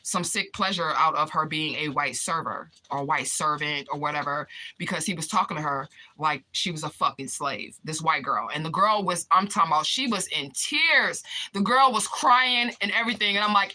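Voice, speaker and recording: A woman live-streaming her personal stories with a very bright, forward voice. She talks casually and profanely, answers her viewers and gets animated as she tells the stories. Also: mid-range voice, brisk, hardly any pauses. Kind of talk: casual storytelling vlog.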